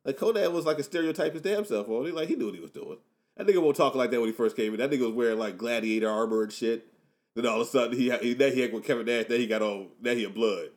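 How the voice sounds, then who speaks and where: A man in relaxed podcast banter, joking, rambling through slang and restarts, and cracking himself up. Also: mid-range voice, very fast. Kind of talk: casual chat.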